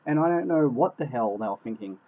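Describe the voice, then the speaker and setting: A man's voice: medium pitch, expressive, fairly quick. A man giving a casual spoken film review. He sounds exasperated, swears a lot and keeps repeating himself. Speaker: movie reviewer. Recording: dull lo-fi recording.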